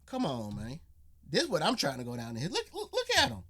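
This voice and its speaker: Animated slangy male reactor. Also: high voice, quick pace. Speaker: reaction channel host. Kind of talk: casual reaction commentary.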